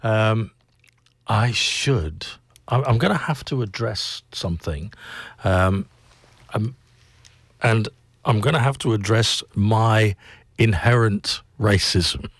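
An English man hosting a breakfast radio show in a studio, talking in a rambling, halting way full of ums and restarts. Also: lowish voice, husky, dry recording. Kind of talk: casual on-air monologue. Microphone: studio microphone.

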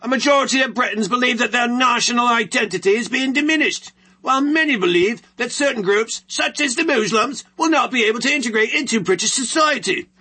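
Man doing a prim British broadcaster, formal read, raised pitch. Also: expressive, a little fast, bright, forceful tone, breathy edge, exaggerated voice. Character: mock British male news broadcaster, formal.

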